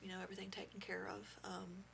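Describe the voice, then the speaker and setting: A young woman guest on a podcast shares a painful personal story in a halting, heartfelt way, leaning on fillers as she goes. Her voice sits in an ordinary middle pitch with a noticeable gravelly fry. A faint hiss lies under the studio recording. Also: monotone, fairly bright tone. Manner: halting, heartfelt, full of "you know" fillers. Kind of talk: emotional personal testimony.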